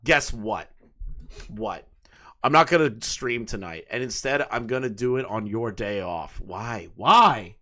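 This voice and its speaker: A man's voice: medium pitch, measured pace, pushed and bright. A man in his late twenties hosting casual commentary, reading messages aloud and mocking them with incredulous, profane asides. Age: late 20s. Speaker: commentary host.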